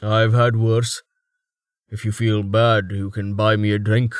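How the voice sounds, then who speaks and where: A man voicing a gruff, crude male brawler with a hoarse, rasping voice and a blunt, swearing manner. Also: lowish voice, little pitch movement, unhurried, no room sound, studio quality, close to an everyday voice. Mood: wry.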